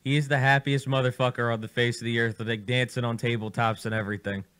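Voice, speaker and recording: A man runs a loose, profane studio chat and needles his guests as they talk. His voice sits at an ordinary middle pitch and his delivery is animated. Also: quick pace, clear, resonant tone. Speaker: radio show host. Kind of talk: casual studio banter. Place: radio studio.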